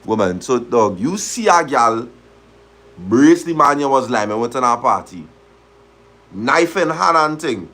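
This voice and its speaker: A man's voice: mid-range voice, sing-song, a little slow, a bit bright. A man hosting a live stream, reading a story aloud in dialect and reacting to it animatedly. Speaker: host of a live talk stream.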